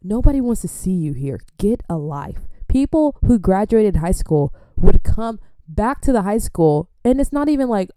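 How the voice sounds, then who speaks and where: A young woman from the United States telling self-mocking stories in a casual, animated way, acting out quotes. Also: mid-range voice, normal speed, few pauses, dry recording, studio quality. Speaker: vlogger. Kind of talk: casual storytelling.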